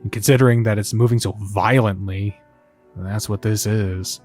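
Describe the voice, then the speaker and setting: A man narrating a story game and reacting with excited, sweary asides. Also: on the low side, moderate pace, faint music behind.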